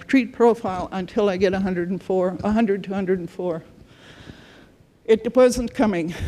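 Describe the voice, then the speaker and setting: A woman's voice: on the high side, a little mellow. A woman giving a conference talk, telling client stories earnestly in short phrases. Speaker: conference speaker.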